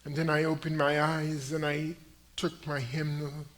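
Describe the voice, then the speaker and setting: An older man preaching a sermon in a church, telling his story with slow, dramatic delivery that swings from hushed to loud. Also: a little high, level tone. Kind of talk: sermon testimony. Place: church sanctuary.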